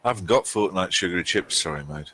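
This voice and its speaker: A man's voice: low voice, animated, fast talker, pushed and bright, a little hiss or hum, rough recording. A man hosting a casual game commentary, chatty and joking, thinking aloud as he goes. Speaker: host.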